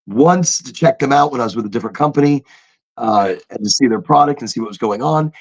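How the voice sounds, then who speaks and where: A man's voice: mid-range voice, animated, fast. A man co-hosting a casual podcast, talking emphatically with repeated phrases and mimicking automated phone voices. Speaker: podcast co-host.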